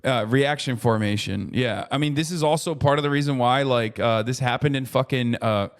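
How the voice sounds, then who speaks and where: A man streaming casual commentary, talking in an animated, profane way that keeps breaking into loud mocking rants. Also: mid-range voice, normal speed. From United States. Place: traveling in Japan.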